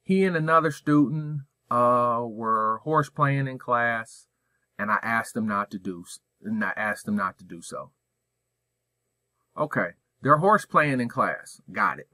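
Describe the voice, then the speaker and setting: A man's voice: medium pitch, expressive, measured pace, sharp tone, dry recording. A man speaking as a school administrator, giving a direct, emphatic professional development talk full of rhetorical questions.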